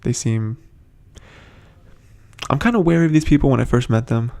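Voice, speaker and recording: A man's voice: mid-range voice, moderate pace, creaky, a little mellow. A man giving a casual, rambling recap of a TV episode, full of fillers and restarts, with the odd chuckle. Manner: chuckles between points. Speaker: show commentator.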